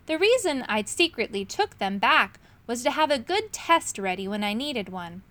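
A woman's voice: fairly high pitch, big pitch swings, moderate pace, bright, forceful tone, no room sound. Woman voicing a sneering villain magician Foswad. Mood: smug. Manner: mocking, sneering.

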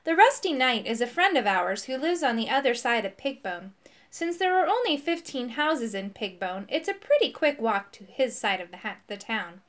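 A woman's voice: a little high, very animated, normal speed. A woman doing a mild, fumbling wizard. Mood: earnest. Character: kindly, fumbling male wizard. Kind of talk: storybook character voice.

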